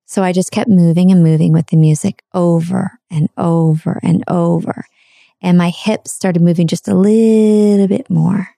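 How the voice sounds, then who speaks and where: A middle-aged woman speaking in a low, mellow voice with a gravelly edge. She tells a personal story earnestly, repeating phrases and dwelling on words. The sound is close and dry, with no room around it. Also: dry recording. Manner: earnest, repetitive, slows for emphasis.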